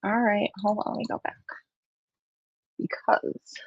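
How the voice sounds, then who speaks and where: A woman's voice: mid-range voice, little pitch movement, a little slow, vocal fry, slightly rough, dry recording, highs cut off. A woman hosting a true-crime livestream, chatting casually and reading aloud, close to tears and poking fun at herself. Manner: chatty, self-deprecating, emotional while reading. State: near tears.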